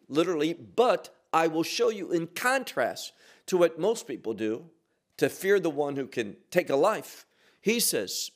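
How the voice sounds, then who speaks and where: A middle-aged man teaching a Bible passage verse by verse, slow and deliberate, stressing key words with sharp rises and drops. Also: fairly high pitch.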